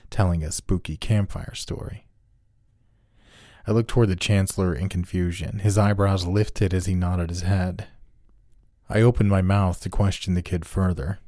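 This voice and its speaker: Deep, dark-voiced male horror narrator. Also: no echo, clean studio sound. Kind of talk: scripted first-person horror narration.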